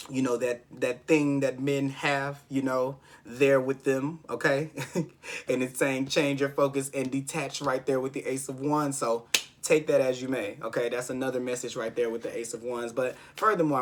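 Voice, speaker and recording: A man's voice: mid-range voice, a little hiss or hum. A man giving a casual tarot reading, rambling and encouraging, often checking in with "okay?". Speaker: tarot reader.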